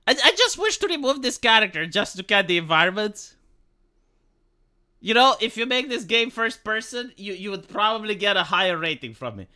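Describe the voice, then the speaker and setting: Bright-voiced ranting game streamer. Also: medium pitch, very animated, normal speed. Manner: ranting, exasperated, stumbling over words. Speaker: live streamer. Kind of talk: live gameplay commentary.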